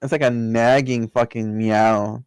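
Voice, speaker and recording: A man co-hosting a podcast in casual chat, joking and swearing, with sudden loud outbursts. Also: mid-range voice, fairly even intonation, unhurried, clear, resonant tone, no echo, poor audio. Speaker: podcast co-host.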